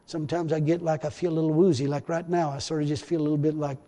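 A man's voice: on the high side, flat delivery, rapid-fire, warm tone, in a large hall. A man preaching a rambling, repetitive sermon in a church, full of hallelujahs. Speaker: pastor.

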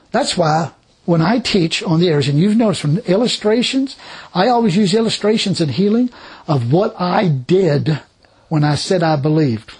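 Husky, lively-voiced male preacher. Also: high-pitched, moderate pace. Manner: emphatic, repetitive preaching with exclamations of praise; laughs between points. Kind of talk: sermon.

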